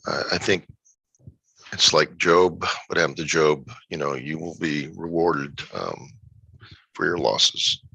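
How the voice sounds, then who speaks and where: Very deep, gravelly middle-aged man. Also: bright, forceful tone, dry recording, poor audio. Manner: reflective, halting, with restarts. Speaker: guest sharing a personal story. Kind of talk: personal grief testimony.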